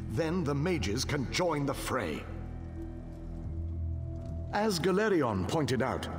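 An earnest battle commander. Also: male voice, on the high side, long reverb tail. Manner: brisk, businesslike briefing. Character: earnest male battle commander giving orders.

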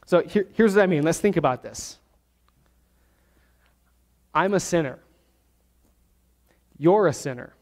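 A man with a high voice preaches to his congregation, working through the text verse by verse. He slows down to stress the key words. His voice rings with a long reverb in the church sanctuary. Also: darkish tone. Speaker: pastor. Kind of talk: sermon.

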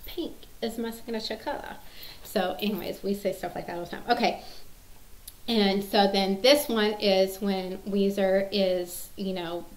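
A woman's voice: medium pitch, fairly even intonation, unhurried, echoey room, poor audio. A woman in her thirties chatting casually to camera, rambling with many fillers and restarts. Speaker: mom sharing favorite movie quotes.

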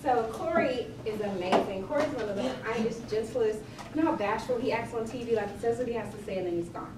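A middle-aged personal chef from Cleveland, Ohio, speaks quickly in a highish voice, telling funny stories to an audience in a library event room. She's chatty, animated and laughing, caught on a distant mic in an echoey space with crowd and background noise.

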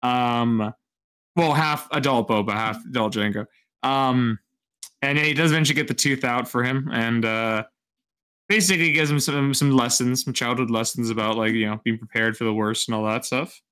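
A man's voice: medium pitch, normal speed, fairly bright tone. A man co-hosting a casual chat about comics, rambling with many restarts. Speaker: co-host reviewing comics.

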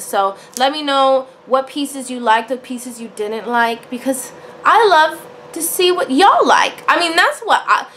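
A woman's voice: fairly high pitch, a bit bright, a little hiss or hum. A woman talking casually to camera about her jewelry, chatty and full of fillers, calling the viewers y'all and honey. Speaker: jewelry vlogger. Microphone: camera on a tripod.

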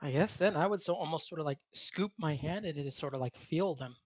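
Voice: mid-range voice, fairly quick, a little mellow, no echo, dull audio. A player in a tabletop game describing his character's actions in a hesitant, trailing way.

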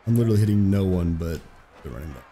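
A young man giving excitable, profane live commentary over his own football video game match, trash-talking his opponent. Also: sits low, racing, a little hiss or hum. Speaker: gaming streamer.

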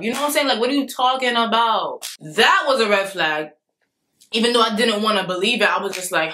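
In a laid-back storytime vlog, a young woman speaks a little fast at a medium pitch. Her telling is theatrical and lively as she brushes things off with a laugh and mimics what others told her.

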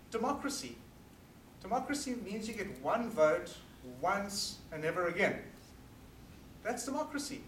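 A South African man giving an earnest, forceful talk to an audience at an evening meeting. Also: high-pitched, a little hiss or hum. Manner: earnest and forceful, emphatic repetition. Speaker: guest speaker. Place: meeting hall. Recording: roomy hall recorded from a distance.

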